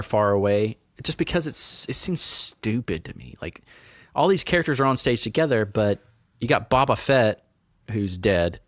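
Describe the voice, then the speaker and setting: A man's voice: mid-range voice, no room sound, studio quality. A man co-hosting a casual podcast, teasing his co-host and giving strong opinions. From Tennessee. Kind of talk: casual chat.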